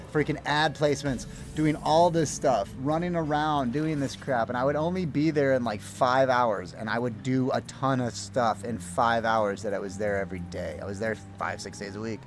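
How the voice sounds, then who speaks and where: A man's voice: mid-range voice, a little hiss or hum. A man streaming a game from home, telling a rambling story in casual chat with mild swearing. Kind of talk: casual chat while gaming.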